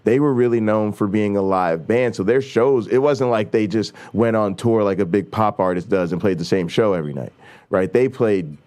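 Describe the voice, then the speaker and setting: A man's voice: lowish voice, moderate pace, darkish tone. A middle-aged man hosting a casual chat show, rambling and swearing, with many fillers. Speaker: host.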